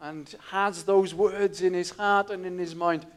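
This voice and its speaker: A man preaching a sermon, telling stories in a quiet, earnest way with small restarts. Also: sits high, steady tone, unhurried, few pauses.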